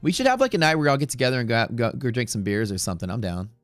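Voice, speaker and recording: A Houston-area man hosts a live day-trading stream, his mid-range voice swooping wildly in pitch as he races along. His casual commentary is chatty and rambling, sometimes profane. The recording is dry, with soft music in the background.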